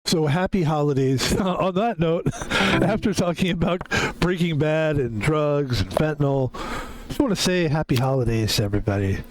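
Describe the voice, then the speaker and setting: A man from the East Coast of the US giving casual game commentary as a streamer, slightly hoarse from a sore throat, relaxed and chatty. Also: fairly high pitch, moderate pace, a little hiss or hum. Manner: relaxed, chatty, self-described cozy. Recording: music playing underneath.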